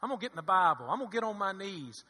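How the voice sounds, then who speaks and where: A male pastor preaching a sermon, emphatic and repetitive, calling for amens, swinging between loud exhortation and low, hushed intensity. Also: sing-song, racing, husky. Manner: emphatic, repetitive preaching with call-and-response "amen". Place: church sanctuary. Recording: reverberant hall.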